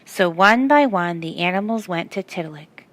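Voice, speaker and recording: A woman's voice: lowish voice, lively intonation, normal speed, no echo. A woman reading a picture book aloud to children and stopping to ask them questions. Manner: asks the listeners questions. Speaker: storyteller.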